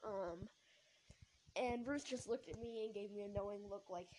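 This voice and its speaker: A woman's voice: medium pitch, normal speed, a little mellow, a little hiss or hum, low-quality recording. A woman telling a long story in a casual, rambling way, full of "like" and restarts. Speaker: storyteller vlogger.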